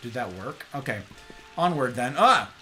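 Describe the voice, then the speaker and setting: A man's voice: mid-range voice, expressive, moderate pace, sharp tone, faint music behind. A man casually commentating a video game live, playful and chatty, greeting his viewers. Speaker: game streamer.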